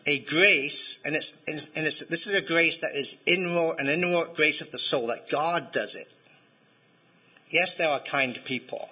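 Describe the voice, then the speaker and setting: A man's voice: a little high, sharp tone, slightly rough, rough recording. A man preaching a sermon in a conversational way, often checking in with his listeners. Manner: conversational, asks the congregation to respond. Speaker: pastor.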